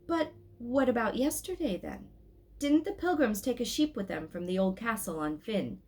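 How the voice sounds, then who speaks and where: A woman voicing a kind old man who sells flowers in a storybook, speaking slowly and gently. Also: on the high side, expressive, pitched above the performer's own voice. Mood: gentle. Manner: slow, warm, drawn-out speech.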